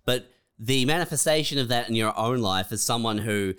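Man, podcast co-host, clean smooth voice, mid pitch, relaxed chat. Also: normal speed. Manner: laid-back, reflective, says dude and man. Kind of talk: casual comedic chat.

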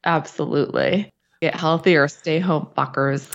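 A woman co-hosting a podcast, husky and stuffed up from a sinus infection, chatting casually, swearing and laughing often. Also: low voice, moderate pace. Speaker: podcast co-host. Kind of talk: casual chat. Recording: dull lo-fi sound.

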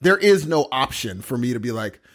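A man's voice: mid-range voice, very animated, moderate pace, fairly bright tone. A man in his forties co-hosting a podcast in casual banter, laid-back and stubborn, rambling as he talks. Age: 40s. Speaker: podcast co-host.

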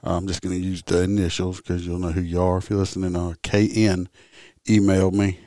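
Speaking a little fast in a low, flat, dark-toned voice, the traffic officer and podcast host rambles bluntly through his stories, swearing occasionally. It's a casual monologue recorded dry, at studio quality.

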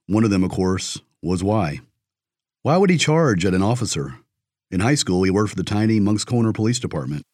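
A man giving measured scripted documentary narration. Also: on the low side, big pitch swings, a little mellow, no room sound, studio quality.

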